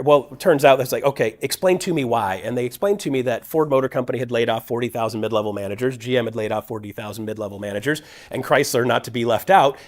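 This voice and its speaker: Middle-aged male speaker, mid-range voice, casual and energetic storyteller who acts out the people he quotes. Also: mid-range voice. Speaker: guest speaker at a real estate event. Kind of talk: personal storytelling talk.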